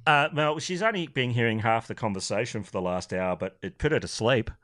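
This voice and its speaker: A man's voice: medium pitch, a little fast, fairly bright tone. A man from Australia co-hosting a podcast over a video call, telling a joke in a rambling, stumbling way. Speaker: podcast co-host. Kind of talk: casual chat and joke telling.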